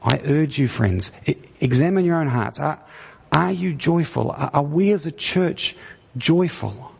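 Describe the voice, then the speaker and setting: In a church hall with a long echo, this preacher talks through his sermon conversationally, his husky voice pitched fairly high with lively intonation. He takes his time, frequently tripping and restarting, then climbs into sharp, emphatic questions.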